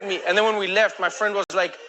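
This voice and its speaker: A man in his thirties doing stand-up crowd work, telling stories in an animated way and acting out the people in them. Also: high-pitched. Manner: animated storytelling, acting out voices in quick back-and-forth. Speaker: comedian. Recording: noisy live stage recording.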